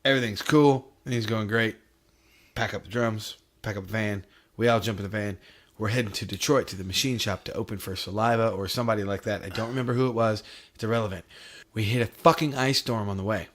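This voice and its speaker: A man with a slightly low voice, a guest on a casual podcast. He tells long stories loosely, with plenty of swearing. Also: quick pace, a bit bright. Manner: loose, profane storyteller. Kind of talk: casual chat.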